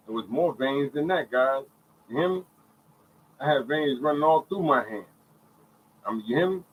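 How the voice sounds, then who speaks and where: A man telling his own story in a casual, animated way, repeating phrases and checking in with listeners. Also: medium pitch, moderate pace, pauses often, phone-quality sound, slight background noise. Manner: animated storytelling, many repeated phrases, often asks "you hear me". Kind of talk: casual spoken testimony.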